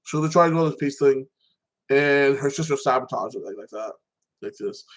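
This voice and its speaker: Man, podcast host, loose rambling show recap, keeps restarting sentences, mid pitch. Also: moderate pace, low-quality recording.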